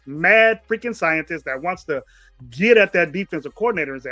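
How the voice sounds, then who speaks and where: Blunt guy ranting about the run game, slightly high voice, faint music behind. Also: lively intonation, a little fast, pushed and bright, no room sound, muffled recording. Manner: blunt, emphatic, repeats points. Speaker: podcast host. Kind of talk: casual sports talk.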